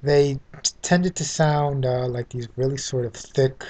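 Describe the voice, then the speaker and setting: A man's voice: mid-range voice, steady tone, unhurried, darkish tone. A man from New York City with a New York accent, giving a casual spoken TV review full of fillers and restarts. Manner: rambling, many fillers and restarts.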